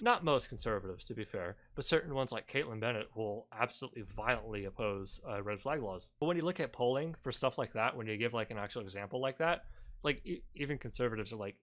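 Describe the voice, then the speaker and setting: A man's voice: mid-range voice, a bit bright. A man giving sarcastic reaction commentary, swearing casually and filling his talk with "like" and "you know". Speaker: commentary YouTuber.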